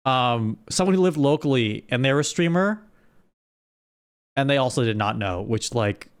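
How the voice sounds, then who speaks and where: A man streams live, chatting casually with his audience in a rambling way and often restarting his sentences. His voice is medium-pitched, expressive and clear, with a resonant tone, and he talks at a normal speed.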